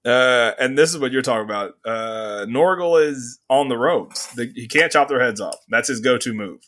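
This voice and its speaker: Animated man hosting a comic book podcast. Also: medium pitch. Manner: animated, acts out characters' lines in quick voices, laughs often. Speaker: podcast co-host. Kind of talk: casual comic book review chat.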